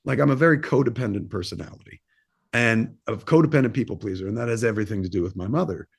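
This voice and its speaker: A man's voice: fairly low pitch, fast talker, gravelly, breathy edge. A man in his fifties, a filmmaker and podcast guest, telling a personal story in a candid, rambling way, swearing freely and using plenty of fillers. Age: 50s. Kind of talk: casual interview storytelling.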